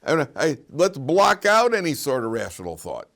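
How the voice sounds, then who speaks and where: A man's voice: on the high side, huge pitch swings, moderate pace, gravelly, fairly bright tone. A man, a rabbi, giving an informal Torah class to students, asking rhetorical questions and restarting phrases as he talks. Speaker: rabbi teaching a yeshiva class. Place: yeshiva classroom.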